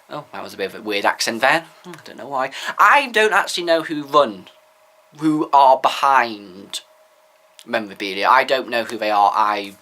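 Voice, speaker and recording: A man's voice: medium pitch, very animated, measured pace, bright, forceful tone. A man giving candid, opinionated views in a rambling casual vlog. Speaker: vlogger.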